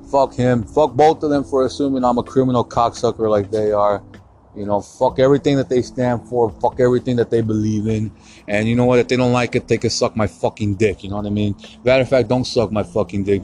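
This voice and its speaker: A man's voice: medium pitch, mellow. Profane, heated male podcast ranter. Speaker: podcast host. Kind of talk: casual podcast rant.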